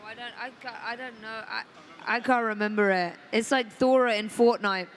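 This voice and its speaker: An actress talking casually on a convention panel, easygoing and a little hesitant. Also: female voice, a little high, fairly even intonation, moderate pace. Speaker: voice and motion capture actress.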